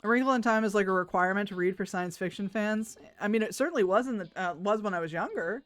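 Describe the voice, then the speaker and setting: This time she speaks fast and barely pauses, in a medium-pitched voice over soft background music. She's casually chatting through a game stream, laughing a lot and giving the characters their own put-on voices.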